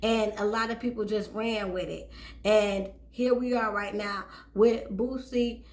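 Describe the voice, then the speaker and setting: A woman's voice: mid-range voice, steady tone, a little slow, darkish tone. A woman hosting a celebrity gossip channel, casually reading out a news story and giving her opinions, sometimes stumbling over the words. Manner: chatty, opinionated, stumbles while reading aloud. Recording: echoey room.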